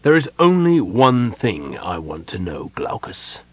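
A man's voice: fairly low pitch, very animated, measured pace, breathy edge, dry recording, heavily acted. A man voicing an anxious, demanding elven governor-general in an audiobook, insistent and questioning.

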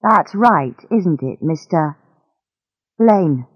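A woman reading the part of a calm, capable young man in a storybook. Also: lowish voice, extremely slow, no room sound, dull audio, heavily acted.

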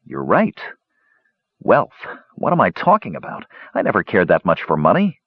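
A man doing a gruff young warrior. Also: deep voice, huge pitch swings, normal speed, no room sound, full character voice. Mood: bewildered. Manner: growling, muttering. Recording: dull lo-fi dry recording.

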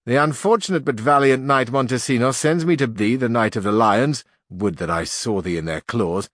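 A man's voice: mid-range voice, normal speed, fairly bright tone, dry recording, clean studio sound, close to an everyday voice. A man voicing a brusque demon courier with a harsh, discordant, formal delivery.

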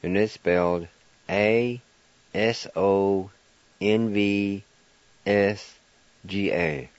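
A man's voice: fairly low pitch, very slow, no echo. A man hosting a radio language lesson, patiently spelling out letters and repeating each syllable. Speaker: language teacher and radio host. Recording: dull lo-fi radio recording.

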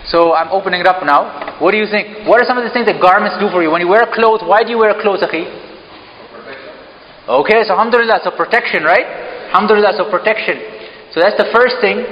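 A man's voice: high-pitched, slight background noise. A man giving an interactive religious talk in a mosque, asking the audience questions and joking lightly. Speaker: mosque speaker. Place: mosque hall. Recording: echoey hall, dull lo-fi sound.

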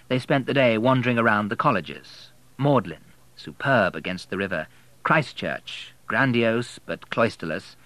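A man narrating an audiobook in a measured, expressive way. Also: fairly low pitch, no echo, poor audio.

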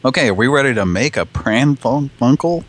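A man's voice: mid-range voice, expressive, a little fast. A man hosting a live prank call show, with crude, jokey banter and frequent laughs.

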